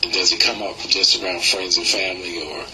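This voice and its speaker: Deep-voiced laid-back radio host. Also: male voice, steady tone, brisk, sharp tone, slight background noise, rough recording. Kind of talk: casual radio interview.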